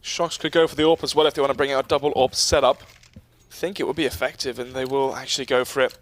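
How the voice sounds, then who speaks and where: A man casting an esports match as play-by-play commentator, quick and joking. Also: medium pitch, fairly even intonation. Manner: quick, joking, laughs often. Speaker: esports caster.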